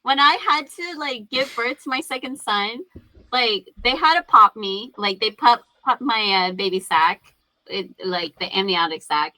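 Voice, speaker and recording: Bright, animated woman telling stories. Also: fairly high pitch, unhurried, no room sound, low-quality recording. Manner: animated and profane, storytelling with acted-out quotes. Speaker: podcast guest. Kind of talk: casual podcast chat.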